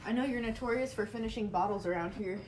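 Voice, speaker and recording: A woman's voice: mid-range voice, fast talker. A woman chatting casually on a podcast, giggly and full of wry asides. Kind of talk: casual chat. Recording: echoey room with clear noise.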